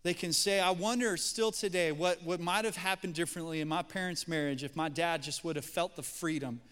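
Male pastor, bright, crisp voice, folksy sermon delivery, long hall reverb. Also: a little high, a little fast. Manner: folksy, animated storyteller. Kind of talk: sermon with storytelling.

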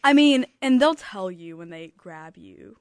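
A woman's voice: medium pitch, lively intonation, measured pace, no room sound. A young woman co-hosting a podcast, playful and teasing, laughing often in casual chat. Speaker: podcast co-host.

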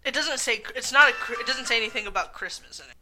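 A woman's voice: fairly high pitch, expressive, fast talker, over music. A woman co-hosting a casual podcast chat, talking loosely and often quoting people in little acted lines. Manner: chatty, quotes people in play-acted lines. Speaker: podcast co-host.

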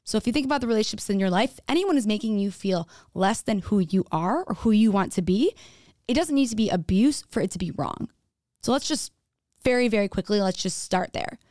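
A woman's voice: medium pitch, animated, fairly quick, a little mellow, no room sound, clean studio sound. Candid woman telling a personal story. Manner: candid, frequent "like", acts out quoted dialogue. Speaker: speaker telling her own story.

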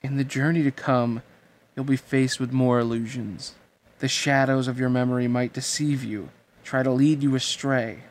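A man reading the lines of a gentle, sad young woman, slow and weighty, in an amateur audiobook reading. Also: medium pitch, fairly even intonation, natural voice. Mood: solemn.

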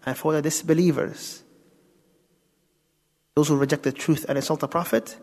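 With a long reverb from the hall, a man teaches Quran tafsir, proceeding step by step with rhetorical questions and Arabic terms mixed in. The Islamic teacher speaks at normal speed in a slightly high, a little mellow voice with fairly even intonation.

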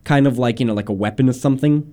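A man co-hosting a casual chat, excitable and rambling, with plenty of fillers. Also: mid-range voice, very fast. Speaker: podcast co-host.

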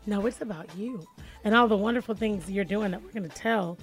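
A woman's voice: mid-range voice, brisk, faint music behind. A woman hosting a radio talk show in a studio, chatting in a playful, teasing way. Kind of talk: casual radio chat.

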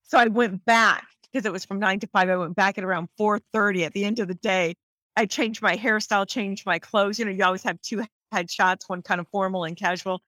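Woman guest on a talk, super animated, acts out every voice in her stories, dry close sound. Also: mid-range voice, a little fast, no room sound. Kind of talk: animated storytelling in an interview.

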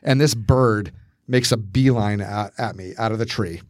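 Profane, animated man telling a story. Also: fairly low pitch, normal speed, dry recording. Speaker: podcast co-host. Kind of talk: casual storytelling.

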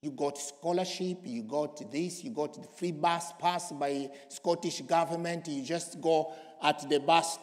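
A preacher from Congo, preaching emphatically and swinging from loud to hushed. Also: male voice, a little high, unhurried, hardly any pauses. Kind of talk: sermon. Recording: long hall reverb.

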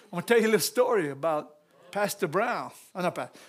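A man giving a lively church message, telling stories, repeating phrases and laughing often. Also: high voice, fast. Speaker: church speaker.

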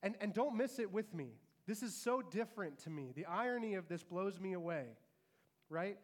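High-voiced man preaching a lively sermon. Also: normal speed. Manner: animated storytelling, acting out quoted lines. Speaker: pastor.

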